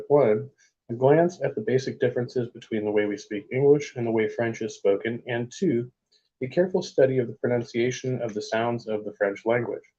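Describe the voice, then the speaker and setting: A man casually reading book passages aloud in a vlog, with offhand asides and halting attempts at French. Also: medium pitch, dark tone, dull audio. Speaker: vlogger.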